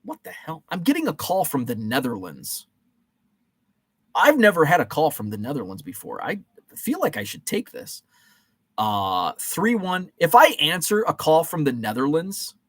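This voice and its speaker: A man's voice: on the high side, wildly swooping pitch, a little slow, long pauses, a bit bright, dry recording. A man in his forties hosting a casual live-stream chat, rambling and joking with many fillers and restarts.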